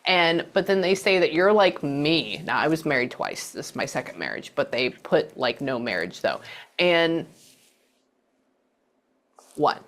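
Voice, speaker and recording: A woman's voice: low-pitched, expressive, measured pace, long pauses. A middle-aged woman giving a psychic reading, chatting away and acting out the messages she passes on. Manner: chatty, relays messages with quoted voices.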